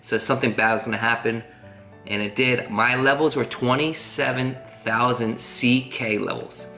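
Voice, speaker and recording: Casual vlogger man, bright forceful voice, rambling earnest telling, roomy echo, faint guitar behind. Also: medium pitch, steady tone, normal speed. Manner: rambling, earnest, full of "like" fillers. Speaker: family vlogger. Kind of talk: casual storytelling to camera.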